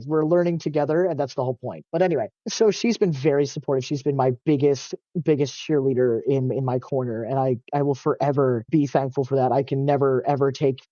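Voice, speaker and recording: Rambling young man, mellow and muffled. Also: medium pitch, no room sound. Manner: rambling, many fillers and self-corrections; open and emotional, laughs often. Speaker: guest. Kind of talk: casual interview. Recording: dull, muffled lo-fi recording.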